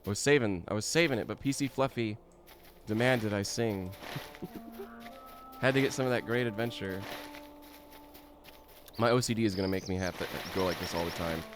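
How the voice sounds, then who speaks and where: A man's voice: fairly low pitch, moderate pace, pauses often, over music. A man streaming a game, chatting casually and playfully, often giggling and joking to himself.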